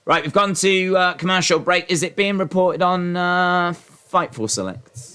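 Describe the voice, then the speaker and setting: A man's voice: high voice, moderate pace, bright, forceful tone, clear, resonant tone. A man hosting a live wrestling watch-along, chatting and answering his viewers in rambling asides. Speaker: livestream host.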